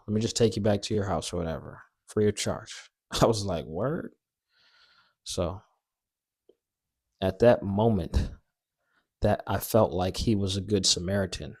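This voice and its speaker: A young man with a fairly low voice tells a story in a loose, slangy way. He jumps around with animated bursts and pokes fun at himself as he goes. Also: unhurried, long pauses, no echo, studio quality. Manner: animated, slangy, self-mocking. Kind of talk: casual story time.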